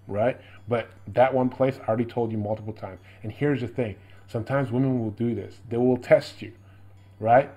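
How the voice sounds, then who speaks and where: A man's voice: mid-range voice, steady tone, moderate pace, warm tone. A man giving firm, instructive dating advice straight to the camera, often checking in with "okay?" and "right?". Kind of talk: direct-to-camera advice monologue.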